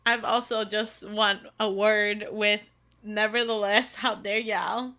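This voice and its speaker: A woman's voice: medium pitch, level tone, slow pace, pushed and bright. A woman co-hosting a podcast in casual, giggly chat, saying "like" and "y'all" a lot. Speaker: podcast co-host.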